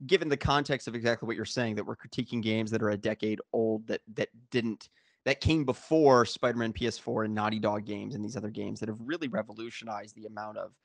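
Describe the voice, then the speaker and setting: A man's voice: fairly low pitch, fairly even intonation, fast talker, dry recording. A man co-hosting a casual talk show, rambling with frequent restarts and sarcastic asides. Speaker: podcast co-host. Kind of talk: casual discussion.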